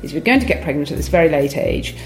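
A woman playing a deadpan agony aunt. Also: low voice, quick pace. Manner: deadpan, matter-of-fact, hesitant fillers. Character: deadpan female agony aunt, middle-aged, prim. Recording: clip with roomy echo and music.

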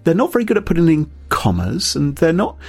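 A man co-hosting a podcast in casual chat, animated and chuckling as he reads quotes aloud. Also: fairly high pitch, fairly quick, vocal fry, breathy edge.

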